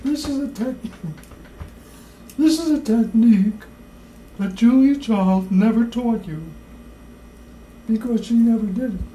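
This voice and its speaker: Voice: medium pitch, a little slow, long pauses, dark tone, reverberant, recorded from a distance, a little hiss or hum, pitched above the performer's own voice, close to an everyday voice, poor audio. A home cook doing a lofty, mock-instructive impression of a famous TV chef in a kitchen. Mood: grandiose.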